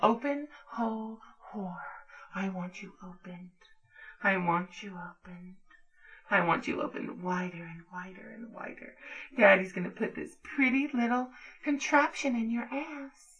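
A woman's voice: medium pitch, unhurried, a bit bright, slightly rough, muffled recording. A woman performing an adult audio role-play in a commanding, taunting manner.

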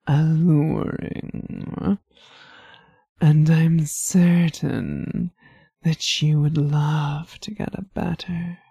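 A woman voicing a seductive, teasing female demon who speaks in a slow, purring way. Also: lowish voice, vocal fry, warm tone, slightly rough, no echo, highs cut off, heavily acted.

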